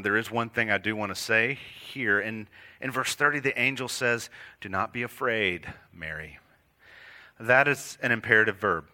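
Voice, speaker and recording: A man preaching a sermon to his congregation, earnest and direct, building to emphatic peaks and dropping to quiet lines. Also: lowish voice. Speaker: pastor.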